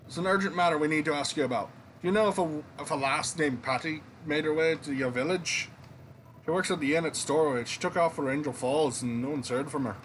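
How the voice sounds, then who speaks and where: A man putting on a hurried Scottish soldier. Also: fairly high pitch, fairly bright tone, a little hiss or hum, natural voice. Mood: urgent. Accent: put-on Scottish. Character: urgent male soldier with Scottish accent.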